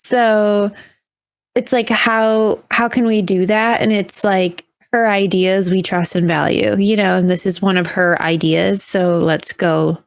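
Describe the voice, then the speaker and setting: A woman's voice: medium pitch, steady tone, measured pace, no room sound. A woman with a mid-range voice who talks earnestly about a tabletop campaign. She leans on "like" and "you know" as she makes her case, and the sound is dry and close. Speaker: tabletop game player.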